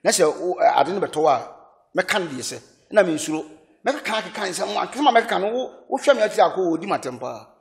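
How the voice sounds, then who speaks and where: A man with a Ghanaian accent being interviewed, talking in an animated way and often laughing. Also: high voice, fast talker, creaky. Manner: animated, switches between Twi and English, laughs often. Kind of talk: casual interview.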